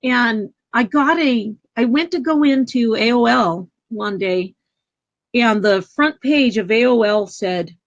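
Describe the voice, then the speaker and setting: A woman guest telling a personal spiritual story in an earnest, emotional, halting way. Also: on the high side, highs cut off.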